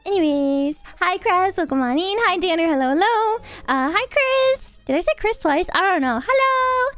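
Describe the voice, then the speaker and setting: A woman's voice: very high-pitched, expressive, normal speed, fairly bright tone, faint music behind. A young woman streaming, chatting casually and greeting viewers in a bubbly, giggly, rambling way. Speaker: VTuber streamer. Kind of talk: casual livestream chat.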